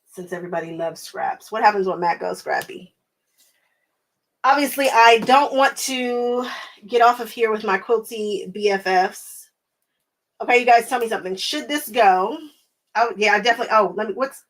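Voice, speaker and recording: A woman's voice: mid-range voice, moderate pace. An American woman hosting a quilting livestream, chatting casually with viewers, laughing often and thinking aloud with lots of fillers.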